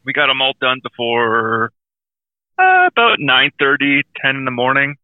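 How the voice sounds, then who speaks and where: A man's voice: mid-range voice, very animated, moderate pace, dry recording. A man co-hosting a podcast, chatting casually in a blunt, rambling way, often apologizing for what he says. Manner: blunt, rambling, self-deprecating. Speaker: podcast co-host. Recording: tinny phone-like sound.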